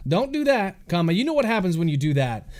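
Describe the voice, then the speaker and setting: A woman's voice: on the low side, big pitch swings, quick pace, a little mellow, voice pushed up. A man reading a stern woman scolding a child. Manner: firm, warning, dictated with punctuation spoken aloud. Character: stern adult woman scolding a young girl.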